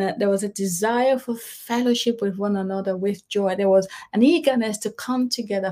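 A woman leading an online prayer meeting and preaching, earnest, rising on key phrases and softening at the ends. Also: mid-range voice. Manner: earnest, rising on key words then dropping soft. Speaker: prayer leader. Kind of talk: prayer and sermon.

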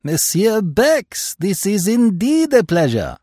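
A man voicing a precise older Belgian detective who talks in a measured, grave way with French phrases. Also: mid-range voice, big pitch swings, darkish tone, dry recording, clean studio sound. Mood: brisk.

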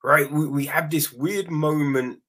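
Slow, husky man riffing on a film. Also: on the high side. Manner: animated, keeps asking "right?", acts out quick quoted lines, swears freely. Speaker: film reviewer. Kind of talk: casual spoken film critique.

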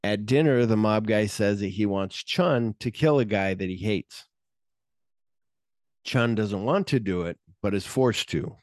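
A man's voice: fairly low pitch, measured pace, no room sound, clean studio sound. Rambling profane podcast man. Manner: rambling, profane, acts out scenes in quoted voices. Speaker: podcast co-host. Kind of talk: casual movie recap chat.

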